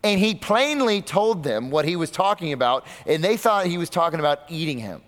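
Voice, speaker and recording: A man preaching a sermon, asking his listeners rhetorical questions and swinging between loud, high bursts and low, quiet stretches. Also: expressive, brisk. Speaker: pastor. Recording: long reverb of a hall.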